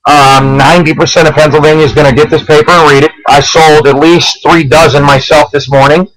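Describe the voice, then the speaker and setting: Male vlogger from New Jersey, fiery pleading rant, slightly high voice, radio-like lo-fi sound. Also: flat delivery, a little fast. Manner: urgent, pleading, repeatedly begging viewers. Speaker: host of own web show. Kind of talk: impassioned political vlog rant.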